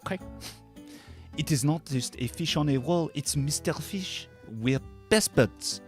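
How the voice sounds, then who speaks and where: A man's voice: fairly high pitch, measured pace, faint music behind, close to an everyday voice. A man putting on a hammy French-accented tavern oddball. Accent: French (put on). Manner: hammy, playful. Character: French-accented quirky tavern patron who loves a mounted fish.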